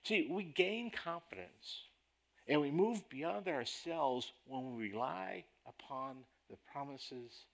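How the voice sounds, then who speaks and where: A man preaching a sermon as a pastor, deliberate and emphatic in his delivery. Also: medium pitch, gravelly.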